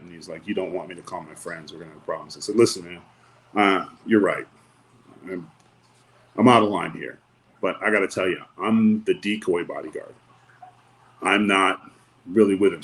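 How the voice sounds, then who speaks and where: In casual podcast chat, a wrestler who used to be a bodyguard tells a long anecdote with a relaxed, wry style, acting out what others said. He has a deep voice with a fairly bright tone, on a rough recording.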